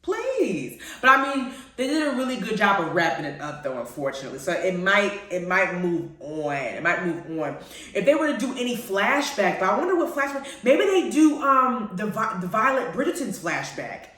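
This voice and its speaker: A woman hosting a radio show, chatting casually about TV shows in a playful, animated way and laughing often. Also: mid-range voice, moderate pace. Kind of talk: casual chat reviewing TV shows. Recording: very echoey, far from the mic.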